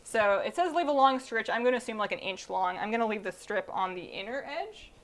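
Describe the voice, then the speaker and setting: A woman's voice: fairly high pitch, animated, a little fast. A woman chatting casually while she bakes on a live stream in her home kitchen. She thinks aloud as she works and pokes fun at her own mistakes. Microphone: streaming mic through a mixer.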